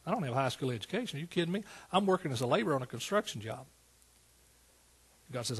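Older male pastor in his sixties, husky tone, pitched a bit high, folksy sermon delivery. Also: sing-song, racing. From East Texas. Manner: folksy, storytelling, rising to emphatic praise.

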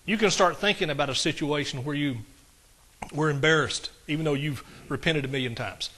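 A drawling pastor preaches informally and folksily, his bright, somewhat high voice often breaking into fast little asides aimed at the people in the pews.

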